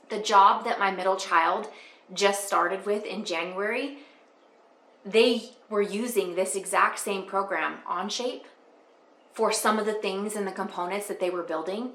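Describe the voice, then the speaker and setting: Earnest bright-voiced homeschool mom. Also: female voice, medium pitch, measured pace. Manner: earnest, faith-filled, chatty with fillers. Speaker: homeschool mom and channel host. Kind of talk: casual talk to camera. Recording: echoey room.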